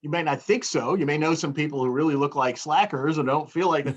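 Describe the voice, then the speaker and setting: Chatting casually in an interview, a motivational speaker demonstrates tone by acting out phrases to get his point across. His voice is fairly high and fairly quick, and the audio is dull.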